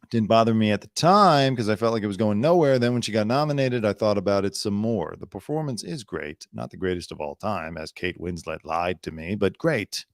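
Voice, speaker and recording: A man's voice: on the low side, brisk, few pauses, no room sound. Wisecracking man host, dry close sound. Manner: mocking, slips into impressions of celebrities. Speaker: comedy podcast host. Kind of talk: joking commentary on celebrity news.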